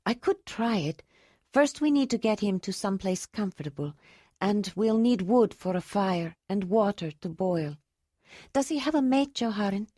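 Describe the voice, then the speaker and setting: A woman voicing a calm young healer woman speaking gently in a storybook reading. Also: mid-range voice, no room sound, clean studio sound, close to an everyday voice. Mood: practical. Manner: gentle, measured.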